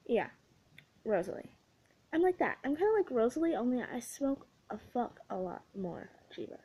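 A woman's voice: a little high, sing-song, moderate pace, dark tone, a little hiss or hum, rough recording. A woman voicing a blunt, foul-mouthed young woman roommate who mocks her friend. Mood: mocking.

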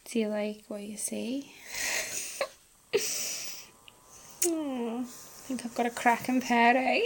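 Woman, Scouse accent, whispered role-play, gravelly fry, fairly high voice, playful and intimate. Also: slow pace, long pauses, a little hiss or hum. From England. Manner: intimate, playful, with frequent soft laughs and murmurs. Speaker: audio role-play performer.

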